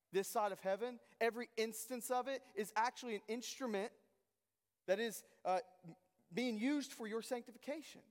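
A man's voice: high voice, long reverb tail. A man preaching a sermon as a pastor, reading scripture aloud and then driving it home with impassioned, emphatic declarations.

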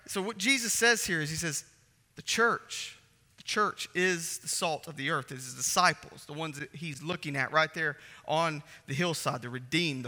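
A man's voice: on the high side, sharp tone. A man preaching a sermon as pastor, emphatic and repeating phrases for stress. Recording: echoey hall reverb.

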